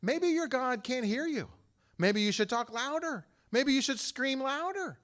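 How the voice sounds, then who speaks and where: A man's voice: animated, fast, natural voice. A man doing a mocking, scornful prophet. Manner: mocking, sarcastic, loud and high-pitched. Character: taunting, mocking male prophet, bold and scornful.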